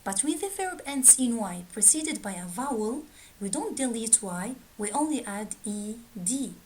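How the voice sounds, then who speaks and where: A woman teaching a grammar lesson, reading out word pairs slowly and deliberately. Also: a little high, expressive, a little mellow, slight background noise, low-quality recording. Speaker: English teacher.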